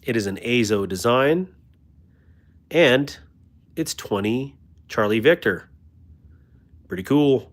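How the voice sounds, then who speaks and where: A man's voice: mid-range voice, lively intonation, slow pace, pauses often. A man hosting a casual livestream, chatting about knives, reading viewer comments and joking about himself. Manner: chatty and self-deprecating, thanks viewers warmly. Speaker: host of a knife livestream.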